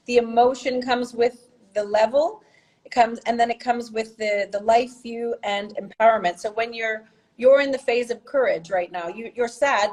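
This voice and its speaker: A woman who works as a healer, talking as a podcast guest in an animated, expressive way, laughing often and her pitch jumping up. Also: rough recording. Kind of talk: conversational interview.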